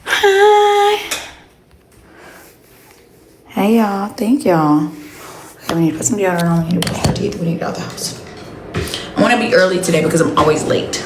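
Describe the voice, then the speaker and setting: A woman's voice: fairly low pitch, fast talker, reverberant, noisy background. A young woman chatting bluntly with viewers on a livestream, swearing freely. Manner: blunt, profane, talks straight to viewers. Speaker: livestream host. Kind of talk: casual livestream chat.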